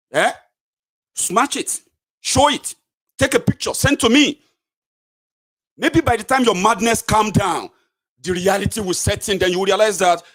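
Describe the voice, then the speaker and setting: A Nigerian man delivers an angry solo political rant, scolding and mocking his viewers. His voice sits a little high and he stays combative and sarcastic throughout. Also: fairly bright tone. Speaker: political commentator.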